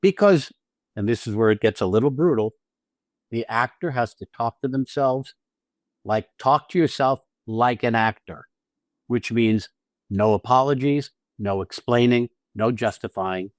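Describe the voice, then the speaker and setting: An acting teacher co-hosting a podcast on acting speaks at an unhurried pace in a medium-pitched voice, recorded dry. He explains technique in casual, blunt, profane chat, stressing points and restarting phrases.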